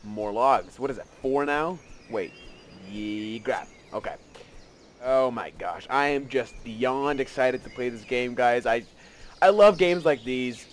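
A man giving casual let's play commentary, excitable and rambling, often gasping and joking at himself. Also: medium pitch, takes it slowly, a little hiss or hum. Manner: excitable, rambling, gasps and self-mocking asides.

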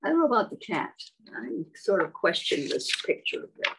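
A woman reading a picture book aloud to young children, slow and sing-song, stopping to ask them questions. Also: mid-range voice, very animated, background noise. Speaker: children's storyteller.

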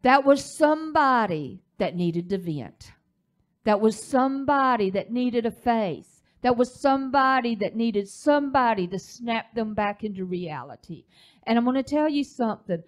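A woman's voice: fairly high pitch, animated, moderate pace. Emphatic woman preaching a story. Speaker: pastor's wife teaching a leadership class. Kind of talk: sermon-style teaching with a story. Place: church.

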